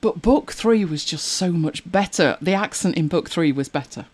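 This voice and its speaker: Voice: mid-range voice, animated, moderate pace. A podcast co-host chatting casually, rambling along with many fillers and restarts. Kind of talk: casual chat about audiobooks.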